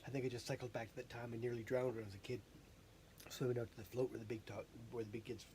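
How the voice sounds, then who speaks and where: A person rambling through a self-recorded monologue, halting and often breaking into laughter while catching their breath. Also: mid-range voice, little pitch movement, dark tone, a little hiss or hum.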